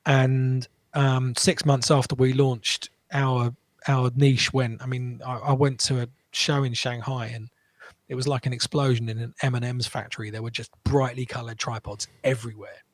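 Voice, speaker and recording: As a guest on an interview, a male entrepreneur recounts his story with animation, often restarting his sentences quickly. He speaks at a middle pitch, and the recording is dry, made in a dead room.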